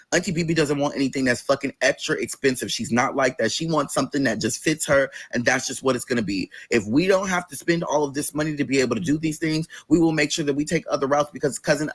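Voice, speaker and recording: A man telling a personal story in a casual vlog, animated and profane, acting out the other people's voices. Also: medium pitch, husky. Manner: animated, swears often, acts out voices. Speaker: vlogger.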